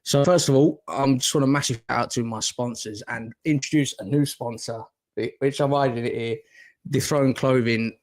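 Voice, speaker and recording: A man's voice: mid-range voice, steady tone, moderate pace. A man with a Northern English accent hosting a podcast, rambling and swearing casually as he reads out his sponsors. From Northern England. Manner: rambling, sweary, self-deprecating. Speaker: podcast host. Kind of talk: casual chat.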